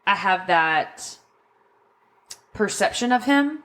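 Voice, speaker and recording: A woman's voice: medium pitch, expressive, takes it slowly, a bit bright. A woman co-hosting a podcast, talking casually with lots of ums and likes. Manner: chatty, frequent ums and likes. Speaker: podcast co-host. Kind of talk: casual chat.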